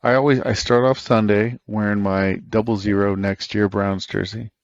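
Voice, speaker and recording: A man's voice: on the low side, fairly even intonation, normal speed, dull audio. A man from Northeast Ohio co-hosting a sports podcast, trading wry jokes in casual chat. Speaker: podcast co-host.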